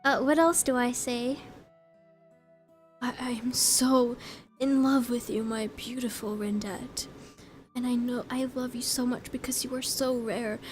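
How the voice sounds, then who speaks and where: A lovestruck young prince murmurs halting compliments in a soft, hushed voice, as a woman acts him out. The voice sits high for a young man, and the delivery is slow and drawn out. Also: fairly even intonation, faint music behind, natural voice. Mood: doting.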